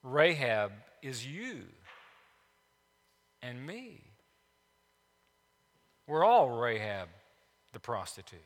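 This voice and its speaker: A male pastor preaching a sermon in a church, emphatic, repeating key phrases and swinging between loud declarations and hushed asides. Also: medium pitch, sing-song, drawn-out words, long pauses, big-room sound. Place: church sanctuary.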